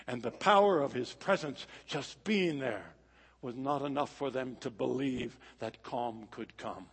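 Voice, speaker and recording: A man preaching a sermon in a dramatic, rhythmic delivery that swings from loud to hushed. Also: medium pitch, unhurried, slightly rough. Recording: echoey hall.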